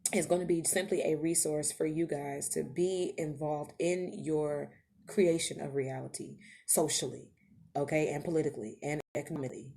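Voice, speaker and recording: A woman's voice: deep voice, warm tone. A woman podcast host, giving an impassioned motivational monologue that rises to emphatic calls to her listeners. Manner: preachy, rising to emphatic calls to the audience.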